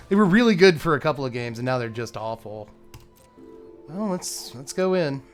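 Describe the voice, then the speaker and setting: A young man giving live commentary on his own card game, excitable and muttering, groaning at bad draws. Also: mid-range voice, moderate pace, faint music behind. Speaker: gaming content creator.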